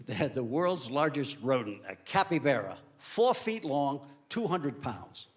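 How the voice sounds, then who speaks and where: A stand-up comedian telling jokes on stage, shifting between deadpan storytelling and loud punchlines. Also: male voice, mid-range voice, a little slow. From Italian heritage. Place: comedy stage before a live audience.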